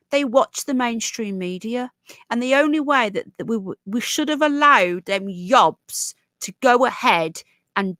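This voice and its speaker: A woman's voice: medium pitch, a bit bright, dry recording. Chatty woman with a sore throat. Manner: chatty, opinionated, rambling with restarts. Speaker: livestream host. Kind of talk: casual live chat reading viewer comments.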